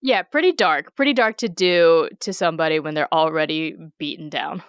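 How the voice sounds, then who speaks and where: A podcast co-host with a blunt, casual manner who swears freely while recapping matches. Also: female voice, low voice, moderate pace, smooth, no room sound, clean studio sound.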